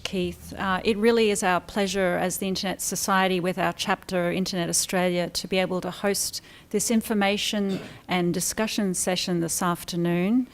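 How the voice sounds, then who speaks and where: A woman moderating a panel, briskly introducing each speaker with light jokes in a room with an audience. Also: lowish voice.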